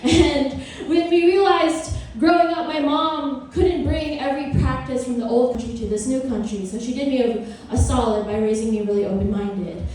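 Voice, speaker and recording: High-voiced woman doing stand-up comedy. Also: normal speed, hardly any pauses, darkish tone, a little hiss or hum. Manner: playful, self-mocking, conversational. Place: comedy club with live audience. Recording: roomy, distant live club recording.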